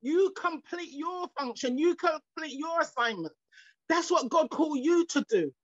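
A high-pitched woman preaching with fervour, her words tumbling out in restarts and repetitions before rising into cries of praise. She comes through a dull, lo-fi video call line. The sound is dry and close, with no room around it. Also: animated, measured pace, no room sound. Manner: fervent, repetitive, stumbling restarts, rising into exclamations. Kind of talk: sermon.

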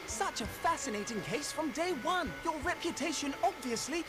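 A prim, timid young gentleman. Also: extremely high pitch, lively intonation, normal speed. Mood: polite. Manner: prim and overly courteous. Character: polite, fussy young man assistant, timid. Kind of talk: video game voice acting. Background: game music.

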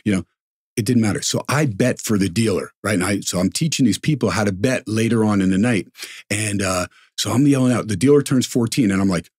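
A middle-aged man spins a long casual anecdote, slipping into the voices of the people in it. His voice sits low with a husky edge, recorded close and dry. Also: brisk, no echo. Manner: animated storyteller, acts out quoted voices. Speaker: sportscaster guest. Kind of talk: casual storytelling.

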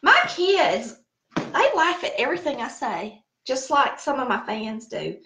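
Sing-song and unhurried, this high voice belongs to a middle-aged Southern American woman who hosts a cooking channel. She chats casually, spinning stories and laughing at herself, in a roomy space with background noise.

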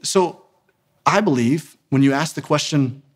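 Man in his thirties, earnest preacher-style speaker, higher-pitched voice, leans hard on key words. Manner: earnest, emphatic, slows down to stress key words. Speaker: ministry founder and speaker. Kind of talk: sermon-style inspirational talk.

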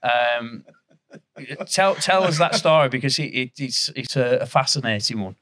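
A man's voice: mid-range voice, animated, normal speed, a bit bright. A man hosting a podcast, asking loose friendly questions in a casual chat and laughing easily. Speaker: podcast host.

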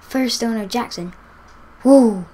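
A woman with a fairly high voice talks through a football video game match as she plays it. She is excitable, cheering on her players and groaning at their misses, in casual live commentary. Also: slow pace. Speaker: gaming YouTuber.

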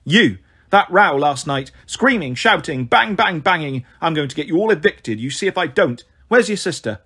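A man voicing a cranky older woman neighbour scolding loudly, in an audiobook reading. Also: a little high, animated, moderate pace, breathy edge, exaggerated voice. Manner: scolding, loud.

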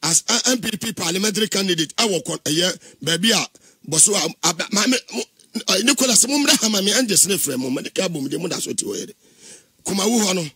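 A man's voice: sits high, expressive, fast, pushed and bright, husky. A Ghanaian man giving impassioned political talk in a fervent, preaching manner with sing-song emphasis. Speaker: political commentator.

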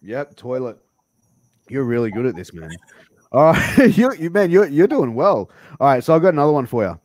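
A man's voice: mid-range voice, very animated, normal speed, a little mellow. Joking Australian man hosting an interview. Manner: jokey, laughing, heavy slang. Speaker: interview host. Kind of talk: casual podcast interview.

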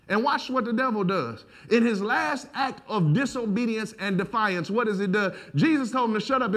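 A male pastor preaching a sermon, building from low talk to shouted lines and laughing as he goes.

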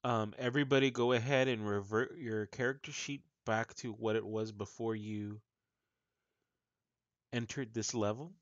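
A man narrating as game master of a tabletop game, halting and full of fillers. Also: fairly low pitch, steady tone, no room sound. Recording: muffled lo-fi audio.

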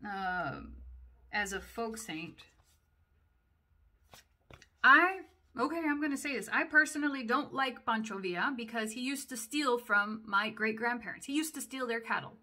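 A woman's voice: a little high, animated, unhurried, sharp tone. A woman casually talking through a book, reading captions aloud and adding her own chatty comments full of "like.". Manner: chatty, uses many "like" fillers. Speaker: book reviewer.

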